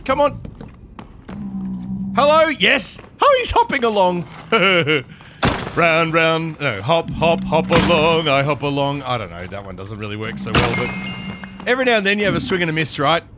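A man giving live gameplay commentary, excitable and talking to himself, often yelping and laughing. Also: fairly high pitch, a little slow, over music. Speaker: Minecraft streamer.

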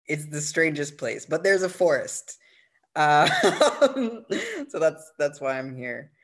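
A choreographer and dancer introducing themselves on an online artist panel, relaxed and lightly humorous, over a video call. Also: mid-range voice, slow pace.

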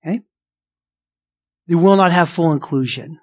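A man's voice: a little high, normal speed. A male pastor preaching a sermon emphatically, asking rhetorical questions and acting out imagined objections. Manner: acts out imagined objections in a raised voice.

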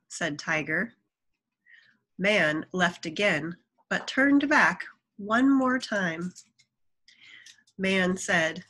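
A woman's voice: fairly low pitch, expressive, drawn-out words, long pauses, bright, forceful tone, rough recording. A woman reading a children's folk tale aloud, adding chatty asides to the listener. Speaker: storyteller.

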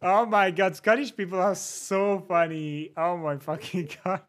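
A woman hosting a casual livestream, reacting to videos with giggly, animated chatter. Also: lowish voice, measured pace. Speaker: livestream host.

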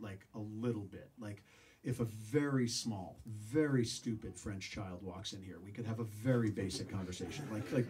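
Man on stage, lively self-mocking storyteller, middle pitch, picked up from a distance. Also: husky. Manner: animated, self-mocking storyteller who acts out voices. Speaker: speaker telling a story to a live audience. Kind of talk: storytelling talk. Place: room with a live audience.

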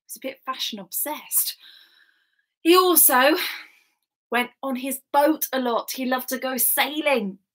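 A woman's voice: high-pitched, unhurried, pauses often, fairly bright tone. A woman at home leading an interactive children's story time, coaxing and talking straight to the kids.

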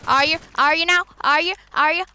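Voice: sits high, fairly even intonation, fairly quick, bright, forceful tone. A gamer putting on a bratty voice as a self-proclaimed old policeman, taunting other players with repeated insults over game voice chat. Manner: taunting, mocking, repetitive insults. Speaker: online game troller.

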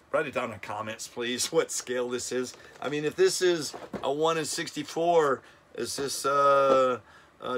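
A middle-aged man with a fairly high, fairly bright voice hosts a casual toy countdown vlog for his toy review channel. He's enthusiastic and chatty, and he often stumbles over names.

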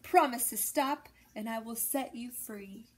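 A woman's voice: high-pitched, measured pace, voice pushed up. Woman doing a growling, cranky mayor. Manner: growling, huffy, loud. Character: cranky bullying middle-aged male mayor.

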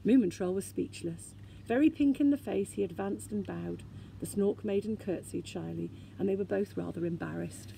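A woman teacher reading a children's storybook aloud in a gentle, expressive way. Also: medium pitch, normal speed, vocal fry, a little hiss or hum.

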